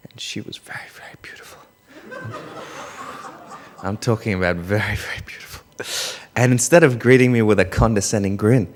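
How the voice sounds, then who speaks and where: A young man with an Australian accent telling a personal story to an audience, moving between soft asides and loud bursts. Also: on the low side. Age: young adult. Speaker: public speaker. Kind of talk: storytelling talk. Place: large hall. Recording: long hall reverb.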